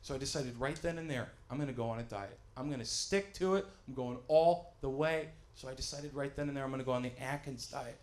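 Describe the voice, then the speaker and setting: A man in his thirties doing a stand-up set on a small stage, self-mocking and often yelling his punchlines. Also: medium pitch, fairly quick, hardly any pauses. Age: 30s. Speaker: stand-up comic and emcee. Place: small studio stage with live audience.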